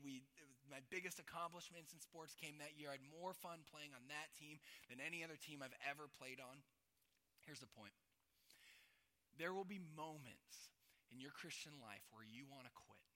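Young male pastor, sharp bright tone, chatty asides, big reverberant sanctuary. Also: a little high. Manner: builds from quiet to a loud climax; conversational with asides like "right?". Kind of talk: sermon. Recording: long hall reverb.

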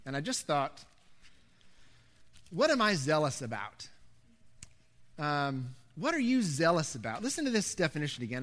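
A middle-aged man preaching a sermon, telling a personal story in an animated way, going from loud to hushed. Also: fairly high pitch, moderate pace, pauses often. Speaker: pastor.

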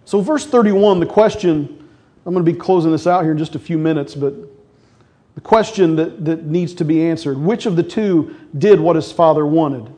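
High-voiced man preaching conversationally. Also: moderate pace, dark tone. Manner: conversational preaching with jokes and acted quotes. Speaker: pastor. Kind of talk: sermon.

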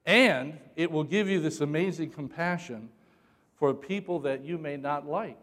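A male pastor preaching a sermon, who jokes with the congregation and shouts for emphasis. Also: on the high side, unhurried, in a large hall.

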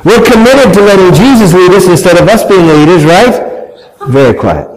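A man recounts a family outing with self-mocking humor, jumping into the voices of his kids and wife. His voice sits a bit high and swings widely in pitch as he plays the story for laughs. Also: animated, fairly quick, a little hiss or hum, rough recording. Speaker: father telling a family story to an audience.

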